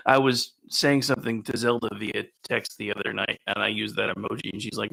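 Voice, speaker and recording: A man's voice: medium pitch, unhurried, vocal fry, pauses often, pushed and bright, slightly rough, no room sound, low-quality recording. A man co-hosting a casual radio chat show in a studio, teasing his co-host playfully. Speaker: radio co-host, ordained minister.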